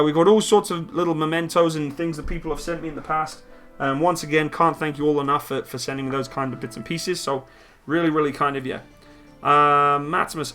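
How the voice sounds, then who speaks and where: A man's voice: fairly high pitch, pushed and bright. A man hosting a casual live stream from a room at home, reading viewer comments aloud and answering them upbeat.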